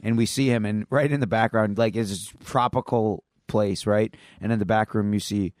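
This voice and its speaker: A man's voice: lowish voice, steady tone, moderate pace, a little mellow, dry recording, clean studio sound. A man co-hosting a podcast, retelling a comic plot casually with lots of restarts. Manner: rambling storyteller, many fillers and restarts. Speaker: podcast co-host. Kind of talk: casual chat.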